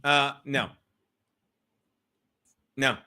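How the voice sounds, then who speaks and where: A man with a medium-pitched, bright, forceful voice speaks very slowly while casually chatting on a livestream. He's a podcast host reading live chat, rambling and speaking directly to his viewers.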